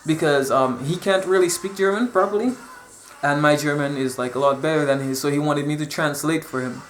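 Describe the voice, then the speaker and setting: Animated young man telling stories. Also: on the high side, brisk, reverberant. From Dominica. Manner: animated, repeats words, acts out quotes. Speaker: vlogger. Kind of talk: casual storytelling vlog.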